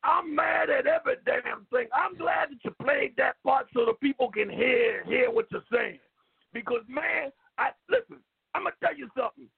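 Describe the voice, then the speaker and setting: A man voicing a brash, loud, hot-tempered older man who curses, shouts and rambles with stammering restarts, as a comedic call-in character. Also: very high-pitched, normal speed, no echo, heavily acted. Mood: blustering. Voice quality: gravelly. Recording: tinny phone-like line.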